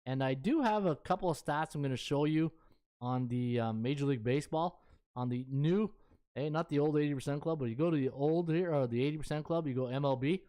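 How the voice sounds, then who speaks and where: A man's voice: on the high side, a little fast, dark tone, clean tone. A middle-aged man, a sports betting handicapper chatting casually on a live stream and thinking aloud as he scrolls through stats.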